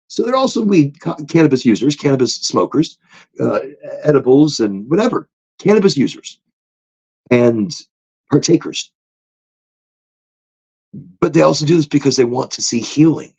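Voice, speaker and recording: A man hosting a casual motivational podcast monologue, talking in a loose, animated way. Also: fairly quick, creaky, slightly rough. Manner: animated, swoops into high excited tones when retelling stories. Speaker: podcast host. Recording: dull lo-fi recording.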